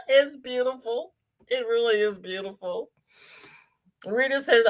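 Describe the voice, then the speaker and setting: A middle-aged woman hosting a casual crafting livestream and reading viewer comments aloud. She is effusive and affectionate, calls viewers "girl" and "honey", laughs often and jumps high in pitch when excited. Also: very slow, pauses often. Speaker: livestream host of a crochet show.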